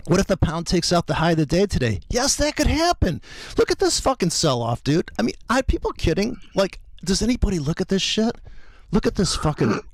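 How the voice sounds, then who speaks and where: A man's voice: high-pitched, very animated, fairly quick, no echo. A man talking about trading in a heated, profane rant that mocks other traders. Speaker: trader co-host. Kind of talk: animated trading talk.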